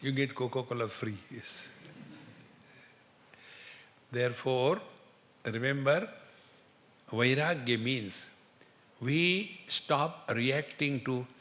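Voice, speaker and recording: Slow, bright-voiced Indian swami. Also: male voice, medium pitch. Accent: Indian English. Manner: slow, humorous storytelling with chanted Sanskrit verses. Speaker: spiritual teacher. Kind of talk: spiritual discourse with anecdotes. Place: lecture hall with an audience. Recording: long hall reverb, faint noise.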